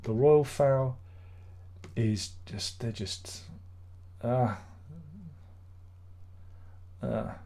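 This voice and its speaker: A man's voice: mid-range voice, drawn-out words, pauses often, dark tone. A middle-aged man hosting a casual live stream, grumbling, swearing and rambling in exasperation.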